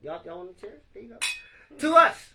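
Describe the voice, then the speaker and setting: A man hosting a casual live-stream podcast, animated and laughing as he talks to his viewers. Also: high-pitched, a little fast, creaky. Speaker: podcast host.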